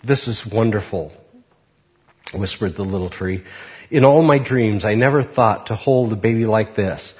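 Gentle little storybook tree, low voice, read by a man, dull recording. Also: moderate pace, natural voice. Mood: awed. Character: young tree dreaming of being a cradle, gentle. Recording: muffled recording.

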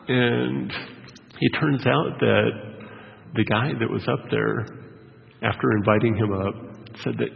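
Gravelly-voiced man preaching in a hall. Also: medium pitch. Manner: storytelling, conversational with fillers. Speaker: pastor. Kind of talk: sermon. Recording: dull lo-fi sound with long hall reverb.

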